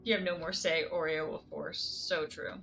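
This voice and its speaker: A woman's voice: deep voice, steady tone, moderate pace, creaky, a bit bright, muffled recording, soft background music. A woman streaming a game live, chatting casually with her viewers and giggling often. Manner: chatty, giggly, answers chat.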